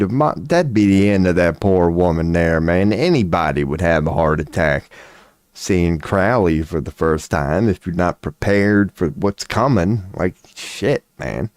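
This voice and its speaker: A man's voice: low voice, animated, unhurried, a little mellow, no echo. A man riffing casually and profanely on a home webcam stream, joking loosely and slipping into silly voices. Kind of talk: rambling casual stream talk. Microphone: webcam mic.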